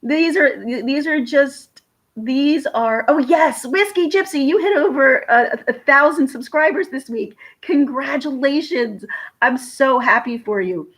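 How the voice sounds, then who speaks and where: On a live stream, a woman in her thirties talks casually with viewers, her high, fairly bright voice moving at a measured pace. She's teary from crying and emotional, thanking people in chat by name.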